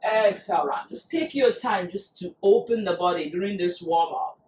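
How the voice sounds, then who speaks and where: A yoga instructor guiding a class with slow, soothing cues paced to the breath. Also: medium pitch, darkish tone, reverberant, distant mic, a little hiss or hum, low-quality recording.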